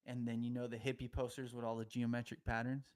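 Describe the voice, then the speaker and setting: A young man spins a long, meandering story on a podcast, full of slang and loose asides. His voice sits at an ordinary middle pitch. He laughs easily as he talks. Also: flat delivery, quick pace, darkish tone. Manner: rambling, slangy, laughs often mid-story.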